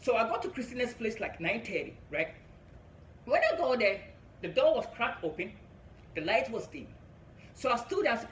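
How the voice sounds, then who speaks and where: A young Ghanaian man doing stand-up storytelling, animated and laughing at his own story. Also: very high-pitched, moderate pace, long pauses, reverberant, a little hiss or hum, poor audio. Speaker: stand-up comedian.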